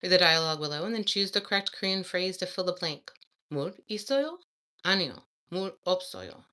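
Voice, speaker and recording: A woman's voice: fairly low pitch, animated, racing, bright, forceful tone. A woman chatting to viewers in a casual study vlog, reading practice exercises aloud and giggling as she works. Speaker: language learner vlogger.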